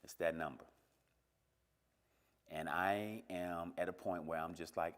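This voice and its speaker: A middle-aged man giving an emotional personal testimony in a church, telling his story and swinging from hushed, near-whispered lines to emphatic high points. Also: steady tone, unhurried, pauses often. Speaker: church speaker.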